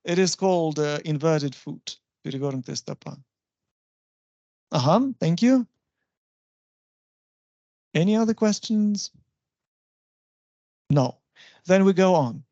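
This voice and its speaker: A university lecturer, explaining patiently and often checking understanding with a quick "right?". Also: medium pitch, mellow, dry recording. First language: Russian. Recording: dull, dry lo-fi recording.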